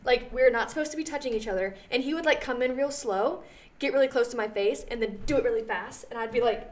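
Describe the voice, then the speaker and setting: On a podcast she co-hosts, a young woman tells a story in relaxed chat loaded with filler words. She talks fast, with a voice on the high side.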